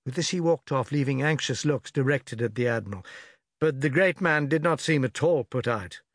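A man reading a novel aloud as an audiobook, in a measured, expressive storytelling manner. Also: mid-range voice, no echo, studio quality. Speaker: audiobook reader. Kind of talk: scripted audiobook narration.

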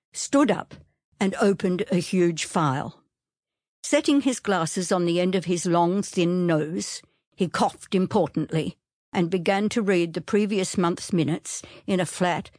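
Audiobook narrator, woman, low-ish voice, steady storytelling, dry close-miked read. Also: no room sound.

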